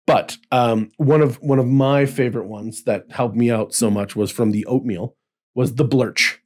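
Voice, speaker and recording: A man's voice: medium pitch, steady tone, moderate pace, darkish tone. A man co-hosting a podcast in casual chat, earnest and rambling with frequent restarts. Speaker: podcast co-host.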